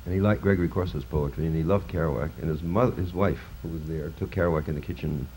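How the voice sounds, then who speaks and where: A deep-voiced man in his fifties reads poetry to a college audience, his tone mellow and dark. He swings from a halting, filler-laden way of talking into rising, incantatory chanting. The old film transfer carries a faint hiss. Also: fairly even intonation, rough recording. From New Jersey. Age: 50s. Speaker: poet. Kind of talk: poetry reading with spoken introductions. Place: college lecture hall. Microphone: film recording from the stage.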